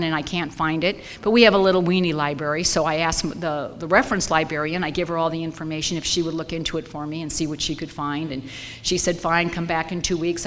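A woman in her sixties sharing a personal story with a recovery group, blunt and salty, growing loud and laughing. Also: deep voice, big-room sound, slight background noise. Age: 60s.

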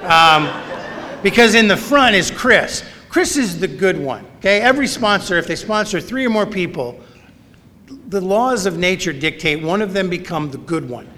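A man's voice: high voice, lively intonation, moderate pace, pushed and bright. A middle-aged man telling a funny personal story at a recovery meeting, with a wry, self-mocking manner. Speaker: speaker sharing his story at a recovery meeting. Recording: long reverb of a large hall.

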